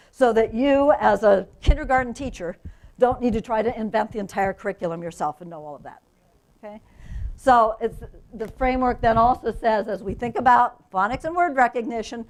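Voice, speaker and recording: A woman who teaches reading methods at a university, giving a lively professional development lecture to teachers and often checking in with the audience. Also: a little high, rough recording. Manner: enthusiastic, asks the audience questions, frequent "right?". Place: conference room.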